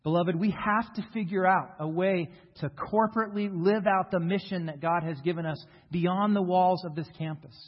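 An American man, a pastor, preaching a sermon earnestly and emphatically, leaning on key words, in a church sanctuary. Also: high voice. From United States. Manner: earnest, emphatic preaching with slow stressed phrases. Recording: reverberant hall, dull lo-fi sound.

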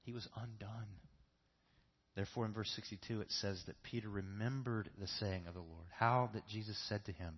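A man's voice: lowish voice, steady tone, normal speed, slightly rough, dull audio. A man preaching a sermon in a church, earnest and repeating key phrases for emphasis. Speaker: pastor.

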